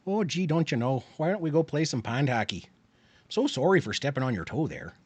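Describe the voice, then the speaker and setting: Guy doing a folksy polite Canadian, sing-song and apologetic, middle pitch, dry close sound. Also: big pitch swings, fairly quick, husky, no echo. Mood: cheery.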